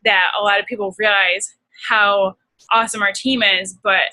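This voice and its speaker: A woman's voice: medium pitch, little pitch movement, moderate pace, sharp tone, rough recording. A young woman leading a team conference call, upbeat and rambling with many fillers. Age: young adult. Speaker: team leader.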